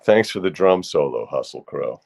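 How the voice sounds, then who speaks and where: A man with a very low voice hosts a relaxed livestream, talking casually and rambling a little. He greets his viewers one by one by name. He sounds middle-aged and at ease. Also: moderate pace, gravelly. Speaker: host.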